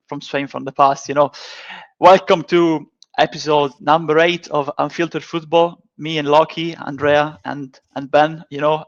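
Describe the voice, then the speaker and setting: Gravelly man, flat and lo-fi. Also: fairly high pitch. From Italy. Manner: halting, repeats words, jokey. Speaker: podcast host. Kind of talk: casual football podcast chat. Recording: dull lo-fi audio.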